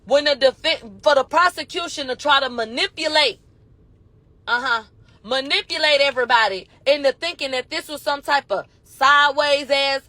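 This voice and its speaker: A woman's voice: sits high, sharp tone, dry recording. A woman recapping a court case in a casual retelling, blunt and profane, acting out the dialogue she quotes.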